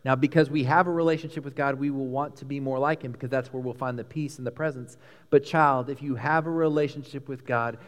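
A pastor with a Texan accent delivers an emphatic, animated sermon, swinging from loud peaks to hushed lines. His mid-range voice moves briskly, and a long reverb tail trails his words.

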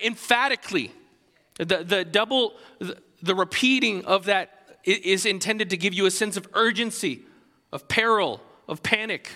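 A man preaching a sermon as pastor, animated and conversational, with many restarts. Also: high-pitched, moderate pace, long reverb tail.

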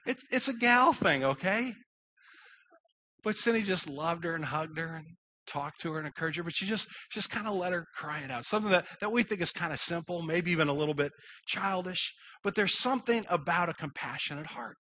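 A man's voice: high voice, animated, a little fast, bright, forceful tone, a little hiss or hum. A middle-aged man preaching a sermon in a conversational, folksy way, telling personal stories with self-deprecating humor. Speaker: pastor.

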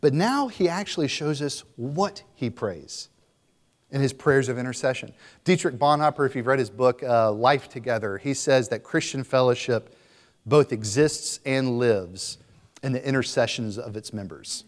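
A man's voice: mid-range voice, moderate pace, in a large hall. A young man preaching a sermon, shifting between casual asides and impassioned readings of scripture. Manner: animated preaching, voices scripture passages with rising intensity; conversational asides with fillers. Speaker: pastor.

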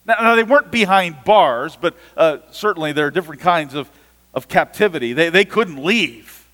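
Man preaching, earnest sermon, high voice, long hall echo. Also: lively intonation, normal speed, a bit bright. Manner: earnest preaching with repeated words and restarts. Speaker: pastor.

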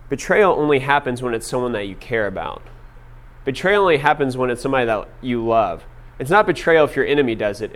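A man's voice: mid-range voice, clear, resonant tone. A young man preaching a casual sermon, telling stories with lots of filler words. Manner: casual storytelling with many fillers. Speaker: pastor.

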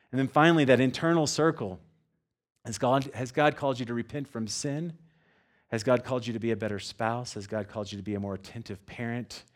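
A man preaching a sermon in a conversational way, with strings of rhetorical questions and frequent "right?" check-ins. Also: fairly low pitch. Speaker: pastor.

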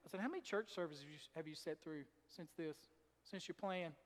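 A man's voice: on the high side, fairly quick, big-room sound. A man preaching a folksy sermon, rising and dropping in volume for emphasis. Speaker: pastor.

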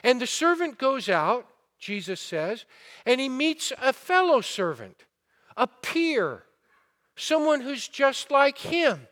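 A man's voice: extremely high pitch, very animated, slow pace, fairly bright tone. A man preaching a sermon, asking the listeners rhetorical questions and retelling a parable with rising fervor. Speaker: pastor.

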